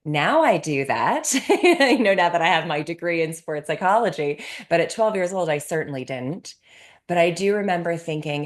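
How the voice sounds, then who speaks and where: A middle-aged woman from Canada answers interview questions with the energy of a storyteller. Her voice sits low, and she breaks into laughter as she talks. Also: moderate pace. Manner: animated storyteller, laughs often. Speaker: guest, sports psychologist.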